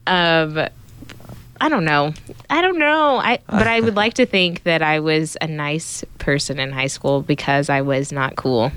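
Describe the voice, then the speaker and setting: Young woman co-host, wry and candid, slightly low, smooth voice. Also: measured pace, a bit bright. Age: young adult. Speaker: college radio co-host. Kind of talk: casual chat.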